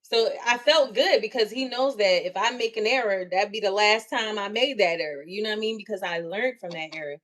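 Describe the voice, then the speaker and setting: A woman's voice: mid-range voice, fairly quick, hardly any pauses. A young adult woman hosting a live stream, talking in a chatty, encouraging way, laughing often and acting out what people say. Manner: chatty, animated, laughs often, acts out quotes; empathetic and encouraging. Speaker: livestream host leading a leadership meeting. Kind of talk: casual livestream talk.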